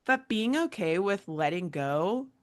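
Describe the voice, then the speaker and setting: A woman coach leading a panel conversation, telling a personal story in a lively way with lots of fillers. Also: medium pitch, a little slow. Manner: animated storytelling with many fillers and laughs. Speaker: burnout prevention coach, panel moderator. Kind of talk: casual panel chat.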